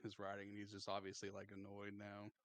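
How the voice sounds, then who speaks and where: A man narrating as game master in casual, halting speech with lots of fillers. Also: fairly low pitch, completely flat delivery, fairly bright tone, dry recording.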